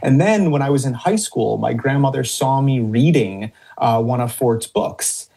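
A man's voice: medium pitch, a little slow, gravelly, dark tone, husky. A middle-aged man from upstate New York, a biologist, answering interview questions in a rambling way, with many fillers and restarts and frequent chuckles. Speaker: biologist and TV cryptid hunter.

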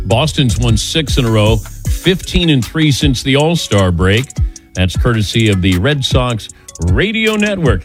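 A man hosting a sports talk radio show, speaking with a dry, wry delivery. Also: medium pitch.

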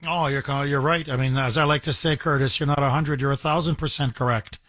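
A man hosting a call-in talk radio show, indignant and animated, repeating himself as he rants. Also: mid-range voice, fairly quick, no room sound, studio quality.

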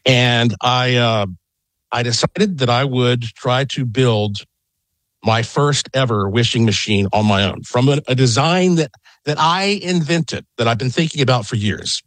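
A middle-aged man, a guest on a call-in radio interview, telling an excited, rambling story from his home. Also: medium pitch, a little slow, no echo. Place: home in Las Vegas.

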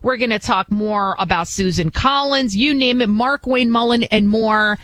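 A middle-aged woman hosting a talk radio show, giving opinionated commentary in an animated, mocking way. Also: fairly high pitch, normal speed, no echo, rough recording. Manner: animated, mocking, acts out quoted voices.

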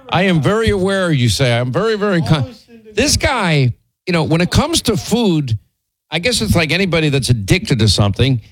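A man's voice: fairly high pitch, sing-song, moderate pace, rough recording. A man hosting a talk show, telling rambling stories and teasing his co-host, with many restarts and fillers. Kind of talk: casual on-air storytelling.

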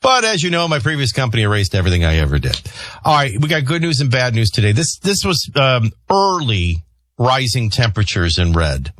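Male radio host, animated storyteller, husky, dry close sound. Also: mid-range voice, brisk, dry recording. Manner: animated storyteller, jumps between voices. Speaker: radio morning show host. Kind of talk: casual on-air chat.

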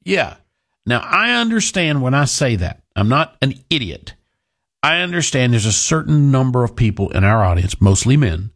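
A man's voice: mid-range voice, very animated, normal speed. A man hosting talk radio, telling a rambling, self-deprecating story in a casual monologue. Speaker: radio talk show host.

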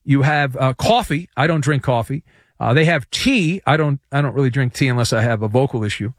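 A man's voice: mid-range voice, expressive, brisk, dry recording, studio quality. A man hosting a sports talk radio show, delivering a sarcastic, joking monologue with many fillers.

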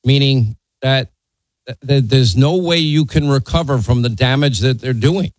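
A man's voice: medium pitch, moderate pace, no echo, poor audio. A man hosting a call-in talk radio show, blunt and opinionated.

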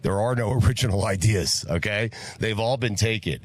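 A man's voice: fairly low pitch, moderate pace, no echo. A man hosting a sports radio show, joking and laughing often with his co-host over a studio mic. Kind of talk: casual radio banter.

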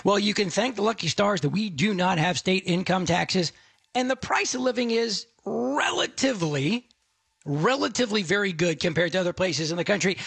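Texan guy hosting his radio show, husky and high-ish voice, jokey chatter. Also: lively intonation, normal speed, a bit bright, no room sound. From Texas. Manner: chatty, joking, self-interrupting. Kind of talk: casual radio talk.

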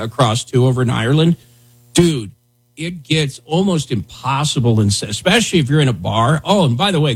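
A man's voice: mid-range voice, husky. A man hosting a talk show, chatting loosely and rambling with lots of "dude" and "man". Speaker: radio show host. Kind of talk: casual talk radio banter.

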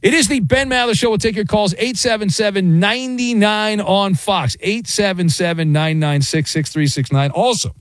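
A man's voice: high-pitched, moderate pace, few pauses, no echo. A middle-aged man hosting a sports talk radio show, sarcastic and theatrical. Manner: sarcastic, theatrical, mocking voices.

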